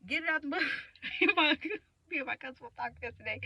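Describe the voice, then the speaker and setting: Profane, dramatic high-voiced woman venting. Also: lively intonation, quick pace, pauses often, dry recording, muffled recording. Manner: profane, dramatic, swings from loud to muttered. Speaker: vlogger. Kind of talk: candid venting monologue.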